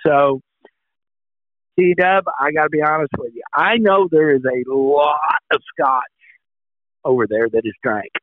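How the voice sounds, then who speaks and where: A man with a slightly high voice talks in a folksy, chuckling storytelling way on a golf chat show. His voice comes through a tinny, phone-like line that sounds dry and close. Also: measured pace, long pauses, no room sound. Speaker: podcast co-host. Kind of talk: casual chat.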